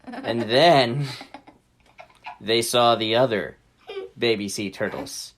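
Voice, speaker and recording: A woman tells a children's story with a low voice that swoops lively up and down. She is playful and giggly, throwing in big sound effects. A faint hiss runs behind her. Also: slow pace. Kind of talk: animated children's story narration.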